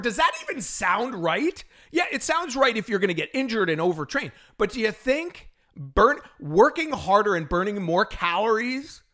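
A middle-aged man hosting a solo fitness podcast, talking in an animated, exasperated rant with frequent laughs. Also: sits high, moderate pace. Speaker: podcast host and fitness trainer.

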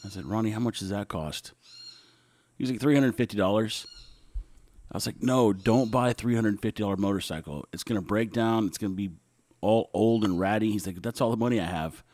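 A man with a lowish voice holds forth on his own podcast, telling stories in a relaxed, offhand way. He is blunt and wry, slipping into rants now and then. The sound is close and dry, with no room echo. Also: brisk. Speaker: podcast host. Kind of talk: casual storytelling monologue.

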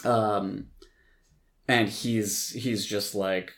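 A man's voice: on the low side, steady tone, extremely slow, a bit bright. A man hosting a podcast, casually recapping a film in a rambling way, full of likes and ums, with occasional swearing. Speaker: podcast host.

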